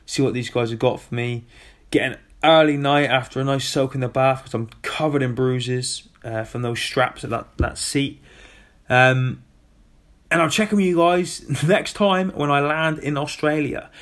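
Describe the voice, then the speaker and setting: A man's voice: mid-range voice, steady tone, moderate pace, fairly bright tone. Earnest man talking to his followers. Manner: earnest and upbeat, with frequent ums. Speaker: athlete vlogging to his followers. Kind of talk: casual video diary. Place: hotel room, alone.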